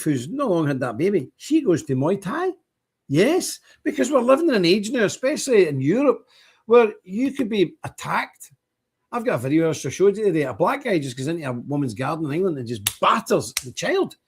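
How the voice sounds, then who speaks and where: Guy rambling on his livestream, chatty, calls out viewers by name, voice a bit on the high side. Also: darkish tone, slightly rough. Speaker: livestream host. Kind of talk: casual livestream monologue.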